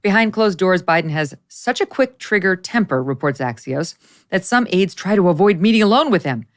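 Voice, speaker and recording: A woman hosting a talk show, delivering commentary in a brisk, sardonic way. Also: on the low side, expressive. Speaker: host.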